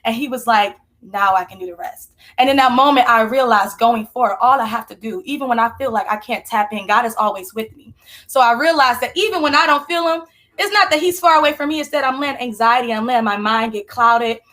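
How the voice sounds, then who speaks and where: A woman's voice: fairly high pitch, quick pace, fairly bright tone. Earnest young woman sharing faith. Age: young adult. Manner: earnest, heartfelt, conversational. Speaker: team member sharing testimony. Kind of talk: personal faith testimony.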